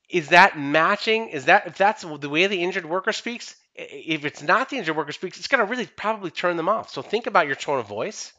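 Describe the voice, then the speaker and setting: Bright-voiced man giving emphatic training talk. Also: on the high side, expressive, a little fast, hardly any pauses, lo-fi sound. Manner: emphatic, repeats key phrases. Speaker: company CEO presenting training. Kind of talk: instructional talk on workplace skills.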